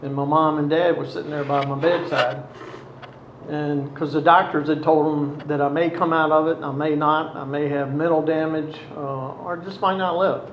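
A man tells his own past in a halting, reflective way, pausing often. His voice sits a little high. The recording is roomy and slightly muffled, with faint ambience behind him. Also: fairly even intonation, a little hiss or hum. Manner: halting, reflective, many pauses. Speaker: storyteller recounting past addiction. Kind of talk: personal testimony.

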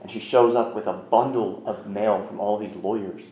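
A man's voice: lowish voice, steady tone, moderate pace, mellow, a little hiss or hum. A man in his thirties telling his own recovery story in a candid, rambling, self-mocking way. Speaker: speaker sharing a recovery story. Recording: roomy, slightly muffled recording.

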